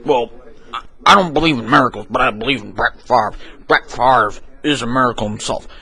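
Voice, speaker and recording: A man's voice: a little fast, bright, forceful tone, husky, poor audio. A man voicing a rambling older football commentator in a homemade comedy sketch, repeating himself in circles. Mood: gushing. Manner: repetitive, circular, exclamations of "boom". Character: rambling older male football commentator, fixated on one quarterback.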